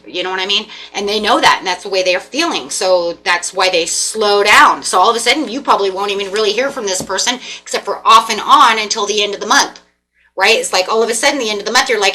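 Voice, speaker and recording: Bright voiced woman doing a chatty tarot reading, keeps repeating herself. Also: mid-range voice, fast, slight background noise. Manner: animated, repetitive, acts out voices of the people in the reading. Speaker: tarot reader.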